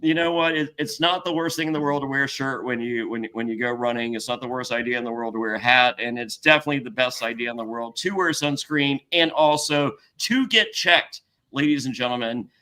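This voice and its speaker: A middle-aged man hosting a podcast, telling a story in a rambling, profane, excitable way with many restarts. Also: mid-range voice, a little fast, rough recording. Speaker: podcast host. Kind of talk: casual storytelling chat.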